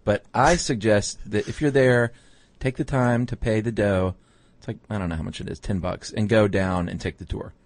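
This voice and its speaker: A man co-hosting a podcast in casual chat, chiming in with quick affirmations and wry asides. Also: on the low side, no room sound. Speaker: podcast co-host.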